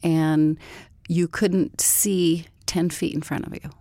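A woman with a fairly low voice tells her story calmly and steadily, in an even, unhurried manner. The recording is dry and close, with no room sound. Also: dry recording. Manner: calm, measured storytelling. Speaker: guest. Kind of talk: personal testimony storytelling.

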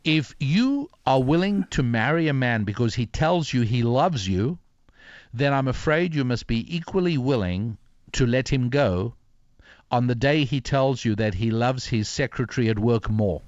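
A man's voice: mid-range voice, expressive, normal speed, dry recording. Older male author as interview guest, reflective storyteller, dry dull audio. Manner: reflective, many fillers and restarts.

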